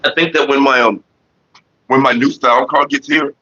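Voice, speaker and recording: A man's voice: mid-range voice, fairly even intonation, normal speed, pushed and bright. A man hosting a casual livestream, rambling and swearing freely while greeting viewers in the chat, on a headset mic. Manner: laid-back, profane and rambling. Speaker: livestream host. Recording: slightly dull lo-fi audio.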